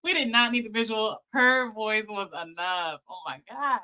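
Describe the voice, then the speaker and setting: A woman's voice: fairly high pitch, a little slow, noisy background. A woman in her thirties doing casual commentary, brash, profane and emphatic.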